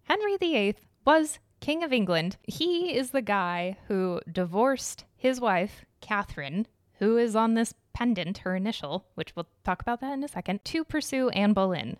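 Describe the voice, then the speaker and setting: A young woman hosts a casual solo podcast in a mid-range voice, chatty and enthusiastic, giggling and correcting herself along the way. The recording is dry with clean studio sound.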